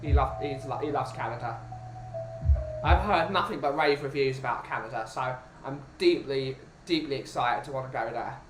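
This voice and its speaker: A man's voice: mid-range voice, normal speed, slight background noise. A man from the UK chatting casually as a podcast host, rambling and restarting his sentences. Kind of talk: casual chat. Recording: roomy with music behind.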